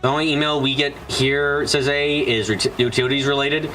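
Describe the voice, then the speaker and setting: A man's voice: mid-range voice, flat delivery, moderate pace, pushed and bright. A man streaming a video game, ranting casually and profanely while answering chat, with faint game music behind him. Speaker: gaming streamer. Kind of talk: casual let's-play commentary.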